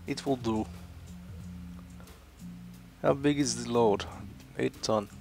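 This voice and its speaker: A man's voice: mid-range voice, takes it slowly, vocal fry, darkish tone, soft background music. A young British man, chatting casually and rambling through his gameplay commentary. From Britain. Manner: rambling, chatty, self-mocking. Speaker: gaming YouTuber.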